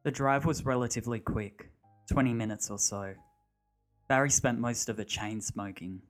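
A man narrating a story, reading in a measured, steady way. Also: mid-range voice. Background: faint music.

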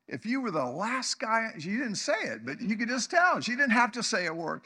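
High, bright-voiced pastor in his sixties. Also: sing-song, normal speed, few pauses, breathy edge. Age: 60s. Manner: conversational, asks the congregation questions, chuckles often. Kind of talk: sermon.

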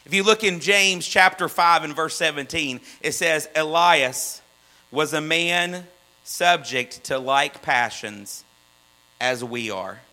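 A man preaching a sermon, swinging from loud fervent runs to hushed low asides. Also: slow pace, rough recording.

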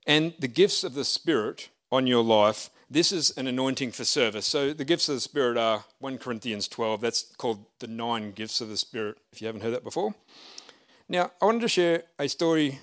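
A man's voice: medium pitch, fairly bright tone. A middle-aged man, a pastor, telling a story in a sermon in a chatty, self-deprecating way. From Australia. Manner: chatty and self-deprecating, with frequent restarts and laughs.

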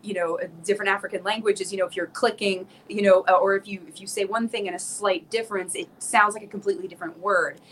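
A woman's voice: mid-range voice, steady tone, fast talker, few pauses, a bit bright, slight background noise, low-quality recording. A woman singer and vocal coach chatting as a podcast guest, rambling through her explanations with frequent restarts and easy laughter. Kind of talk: casual interview chat.

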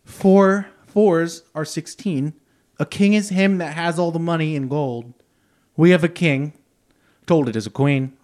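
A man's voice: a little high, measured pace, a little mellow, voice pushed up, natural voice. A man voicing a young working-class boy from the 1850s, reading his simple, earnest words in a raised voice.

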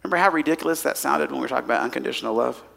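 A man preaching a sermon to a congregation as pastor, animated and swinging between hushed asides and loud emphasis. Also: medium pitch, racing, gravelly. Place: church hall before a congregation.

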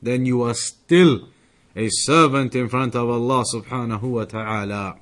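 A man gives a religious lesson in a mid-pitched voice. He teaches emphatically, circling back to each point and acting out everyday examples. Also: fairly even intonation, a little slow. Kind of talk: religious lesson explaining a text.

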